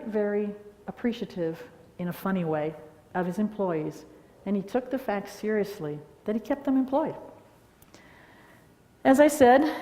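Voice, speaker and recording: A middle-aged woman giving a conference talk, telling anecdotes in a lively way and often checking in with "all right?". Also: mid-range voice. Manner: animated storytelling with frequent "all right?". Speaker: conference speaker. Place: large lecture hall. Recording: echoey hall reverb.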